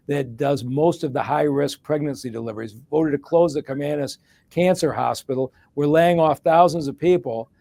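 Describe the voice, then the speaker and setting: A middle-aged Detroit man, a former hospital executive and mayor, answers an interview question with a long, plain-spoken story. His voice is a little high, creaky and warm, with no echo.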